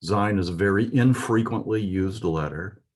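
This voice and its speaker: A man's voice: lowish voice, normal speed. A man teaching a Hebrew alphabet lesson, patiently explaining and pointing out letters.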